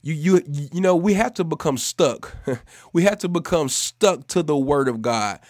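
A man preaching a devotional sermon for a podcast, emphatic and repeating key phrases for stress, speeding up and slowing down to drive points home. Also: a little high, animated, a little mellow, no echo, clean studio sound.

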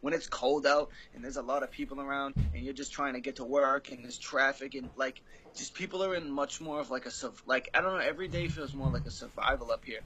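A man's voice: mid-range voice, pushed and bright, a little hiss or hum, low-quality recording. A man from Massachusetts with a strong Boston accent, talking casually and swearing on a podcast. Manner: fast-talking, profane. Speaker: podcast guest. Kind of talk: casual chat.

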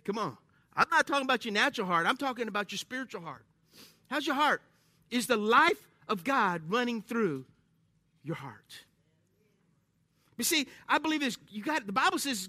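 A man with a very high, sharp, bright voice preaches a lively sermon to a congregation in a church. He jokes and calls out to the crowd in an energetic call-and-response. The sound is dry and close. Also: normal speed, long pauses, dry recording.

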